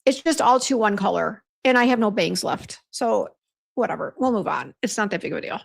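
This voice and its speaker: A woman's voice: mid-range voice, expressive, a little fast, vocal fry, husky. A woman hosting a casual beauty livestream, chatting and venting while reading viewer comments aloud. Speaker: beauty brand host on livestream.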